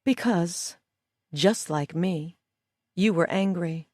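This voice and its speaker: A woman voicing a cool, scheming woman who taunts slowly and softly in an audiobook. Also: fairly low pitch, no echo, studio quality. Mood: cold. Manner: slow, soft, mocking delivery. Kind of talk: audiobook character voice.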